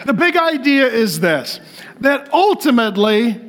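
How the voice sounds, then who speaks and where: A man preaches with a very high voice and tells stories with lots of animation. He laughs often while he talks. He delivers the sermon with a humorous touch. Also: expressive, normal speed, a bit bright. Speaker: pastor.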